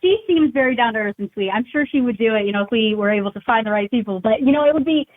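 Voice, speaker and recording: A woman guest on a radio interview, upbeat and quick to laugh. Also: fairly high pitch, no echo, phone-quality sound. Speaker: awards show founder, guest. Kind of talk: casual interview chat.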